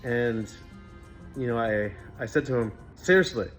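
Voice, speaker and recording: A man's voice: mid-range voice, steady tone, unhurried, faint music behind. A man, a fitness coach, talking in an earnest, heartfelt and rambling way in a personal training vlog, full of fillers. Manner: rambling conversational delivery with many fillers.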